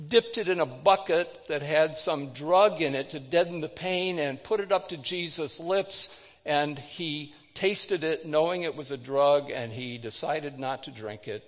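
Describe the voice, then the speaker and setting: A man preaching a sermon, retelling scripture with dramatic readings, lifting his voice for quoted words and dropping it low for solemn moments. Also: long reverb tail. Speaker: pastor.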